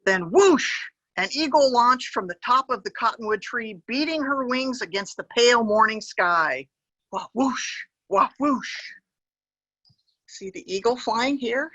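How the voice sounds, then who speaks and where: A woman reading a picture book aloud to children as a park educator, gently pointing to the pictures and adding animal sound effects. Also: on the high side, animated, normal speed, hardly any pauses, no echo, highs cut off.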